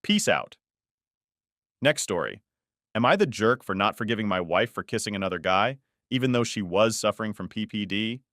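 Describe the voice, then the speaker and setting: A man narrating first-person stories in an even, unhurried storytelling read. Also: lowish voice, no room sound, studio quality. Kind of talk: scripted narration.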